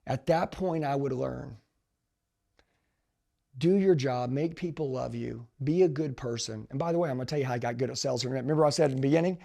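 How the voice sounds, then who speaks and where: A middle-aged man, a sales trainer, telling his story in an intense, emphatic motivational way that swings between loud pushes and low asides. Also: gravelly.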